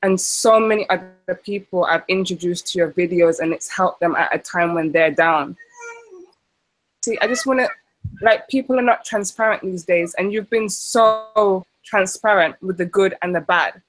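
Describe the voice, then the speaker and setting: A woman's voice: on the low side, moderate pace, rough recording. Earnest woman calling in by video. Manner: earnest and gushing with praise. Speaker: caller on a live stream. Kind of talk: casual chat. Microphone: video call.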